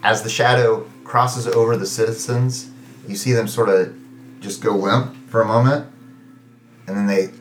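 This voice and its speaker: A man running a tabletop game as game master, narrating in a halting way full of fillers and small restarts. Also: fairly low pitch, fairly even intonation, roomy sound, slight background noise.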